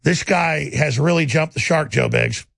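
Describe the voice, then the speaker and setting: Gravel-voiced man ranting fast. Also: on the high side, dry recording. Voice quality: gravelly, raspy. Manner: rapid, insistent ranting with sharp rises. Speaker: talk show host. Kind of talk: heated political talk.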